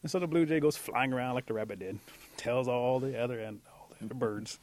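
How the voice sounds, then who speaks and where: Relaxed, animated male storyteller. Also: medium pitch, a little fast. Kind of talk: traditional folk-tale storytelling.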